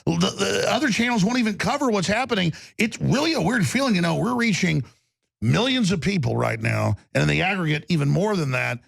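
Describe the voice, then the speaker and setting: A man with a gravelly, husky, somewhat high voice hosts a lively talk panel. He jumps in constantly and steers the conversation between guests with eager enthusiasm. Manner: interjecting, enthusiastic, fast-talking. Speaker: talk show host. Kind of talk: animated panel hosting.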